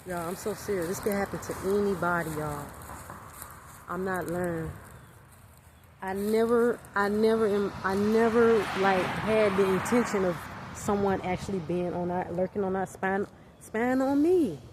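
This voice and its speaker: A woman's voice: medium pitch, measured pace. Woman ranting to her followers, lots of y'all, background hiss. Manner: repetitive, animated, addresses viewers as y'all. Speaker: vlogger. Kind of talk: casual storytime vlog.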